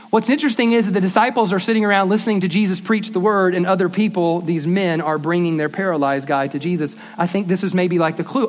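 Male pastor, high-pitched, relaxed conversational sermon delivery with stutters and acted-out dialogue; muffled lo-fi recording. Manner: conversational, repeats words, acts out quick dialogues. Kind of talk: casual sermon. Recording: dull lo-fi sermon audio.

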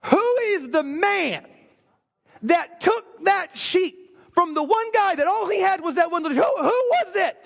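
A preacher doing an outraged, high-pitched king. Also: animated, unhurried, vocal fry, big-room sound, full character voice. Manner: agitated, exclaiming. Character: furious outraged king demanding answers.

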